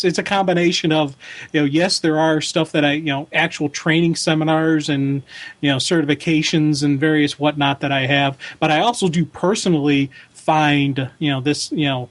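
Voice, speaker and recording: A man co-hosting a fan podcast, talking in a casual, rambling way with lots of fillers and restarts. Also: a little high. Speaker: podcast co-host. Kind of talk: casual chat.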